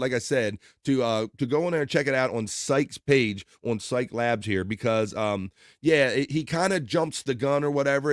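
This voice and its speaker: A man's voice: medium pitch, no echo, clean studio sound. A man hosting a podcast, chatting casually while he plays and comments on video clips, laughing often and trailing off mid-sentence. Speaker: podcast host showing clips.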